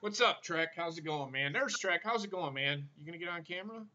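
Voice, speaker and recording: A man's voice: fairly high pitch, lively intonation, brisk. A man hosting a casual livestream chat, bantering and swearing freely with his guests over a video call. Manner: profane, joking banter. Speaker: livestream host. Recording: muffled video call audio with faint hiss.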